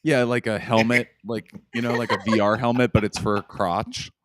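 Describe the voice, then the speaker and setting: A man comedian on a talk show panel who makes dry, deadpan jokes. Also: medium pitch, moderate pace. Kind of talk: casual panel chat.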